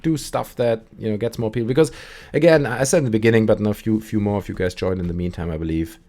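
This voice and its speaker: A man's voice: fairly low pitch, fast. A man hosting a live stream, chatting casually and rambling through stories while he plays. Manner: rambling, animated storytelling with put-on quote voices. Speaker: streamer and call-in show host. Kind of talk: casual gaming stream chat.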